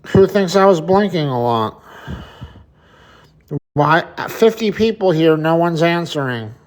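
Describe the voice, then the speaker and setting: A man's voice: on the high side, expressive, a little slow. A man hosting a casual livestream, chatting to viewers, reading their comments aloud and swearing freely. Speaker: livestream host.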